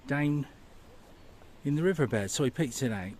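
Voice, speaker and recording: Male outdoor history vlogger, mid pitch, slow, enthusiastic, faint outdoor ambience. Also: animated, darkish tone, a little hiss or hum. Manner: enthusiastic, marvelling. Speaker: walking vlogger. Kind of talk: walking history vlog narration. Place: outdoors by a river and woodland path.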